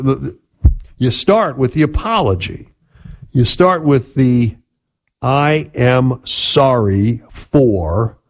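A man's voice: medium pitch, husky. Male radio host, marriage counselor tone, earnest teaching delivery. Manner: earnest, teaching, repeats key phrases. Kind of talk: radio advice talk.

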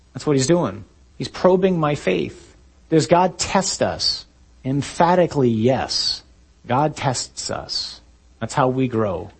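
A man preaching a sermon, retelling a story vividly and acting out shouted lines. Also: fairly high pitch, husky.

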